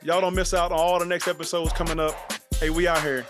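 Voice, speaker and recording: A man closing out his show in a relaxed, low-key way, with plenty of fillers. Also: fast talker, over music. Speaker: show host. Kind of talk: casual sign-off to viewers.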